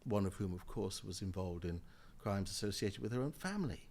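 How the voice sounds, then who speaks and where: Guesting on a podcast, this older Jamaican and British man, who sits in the House of Lords, has a lowish voice and talks a little fast. He's emphatic and animated, spinning stories punctuated by frequent laughter.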